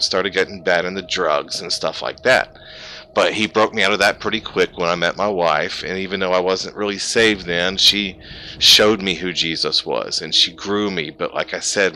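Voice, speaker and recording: A man's voice: low-pitched, sharp tone, slight background noise. A man in his thirties, a pastor and streamer, giving a heartfelt, rambling personal testimony over a gaming headset. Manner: heartfelt and emotional, rambling with restarts.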